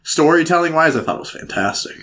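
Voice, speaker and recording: A man co-hosting a podcast in casual chat, animated and jokey, sometimes slipping into silly voices. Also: on the high side, fast. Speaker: podcast co-host.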